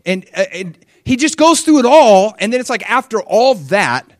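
A young adult man preaches a sermon, telling stories in an animated way and voicing the people in them. His voice is high-pitched and normal in speed, recorded with studio quality and no echo.

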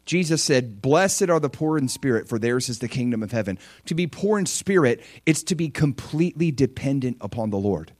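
A man preaching a sermon, lively, acting out prayers and quotes. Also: mid-range voice, a little fast, hardly any pauses, no room sound. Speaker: pastor.

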